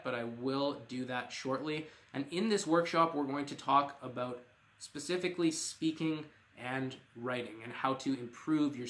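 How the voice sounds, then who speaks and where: A man teaching an online English lesson, reading example sentences slowly and clearly and explaining what they mean. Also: mid-range voice, a bit bright.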